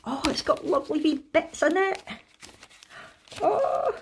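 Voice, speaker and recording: Scottish woman, craft vlogger, casual unboxing chat, gushing, gasping, higher-pitched. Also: brisk, gravelly, slight background noise. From Scotland. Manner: excitable, gushing with frequent gasps and "oh"s.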